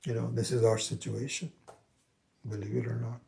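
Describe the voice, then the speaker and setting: A man teaching Vedanta, telling a story in a halting way and acting out its voices. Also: medium pitch, little pitch movement, vocal fry, mellow. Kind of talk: spiritual lecture with storytelling.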